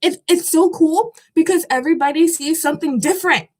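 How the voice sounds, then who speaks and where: High-voiced young woman chatting casually. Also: fairly quick, darkish tone. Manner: rambling, frequent swearing, skeptical. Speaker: vlogger. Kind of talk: casual chat.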